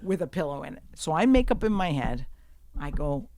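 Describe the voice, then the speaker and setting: Profane, animated woman comedian telling stories. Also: low voice, brisk, no echo, clean studio sound. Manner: profane, animated storytelling, bursts into shouting when acting out scenes. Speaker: guest comedian. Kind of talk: storytelling in a podcast conversation. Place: studio.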